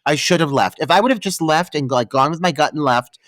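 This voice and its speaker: A man's voice: on the high side, quick pace, a bit bright, no room sound. A man co-hosting a podcast in a casual movie-review chat, sarcastic and profane, with exaggerated retellings. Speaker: podcast co-host.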